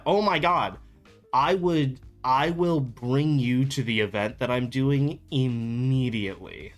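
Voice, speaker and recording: A man's voice: mid-range voice, lively intonation, takes it slowly, faint music behind. A young man chatting casually on his stream, rambling, amused and laughing often.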